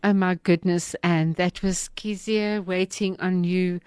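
Brief: woman radio host, low-ish voice, halting and heartfelt. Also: steady tone, clean tone, no room sound. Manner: warm, emotional, hesitant with many fillers. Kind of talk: casual radio hosting.

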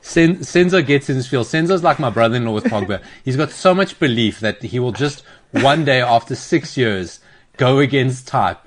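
A man's voice: medium pitch, animated, moderate pace. A South African man who is standing in as host, chatting casually and playfully, joking and laughing a lot on a studio mic. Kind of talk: casual chat. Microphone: studio microphone.

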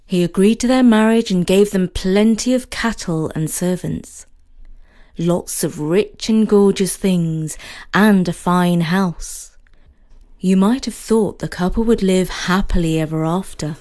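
A woman narrating a fairy story in a measured, expressive reading. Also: on the low side. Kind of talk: scripted narration.

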